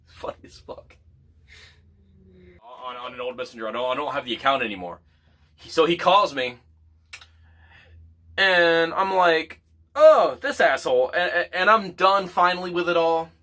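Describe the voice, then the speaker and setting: A man telling a rough story in casual chat, repeating his words and swearing freely. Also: fairly high pitch, lively intonation, measured pace, long pauses, bright, forceful tone. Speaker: guest.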